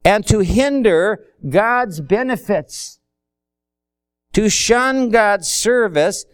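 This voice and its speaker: A man with a high, smooth voice delivers a sermon at an unhurried, deliberate pace. He talks in a folksy way, slipping into quick everyday dialogues to make his points, and leans hard on the key words. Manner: folksy, acts out little dialogues. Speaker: pastor.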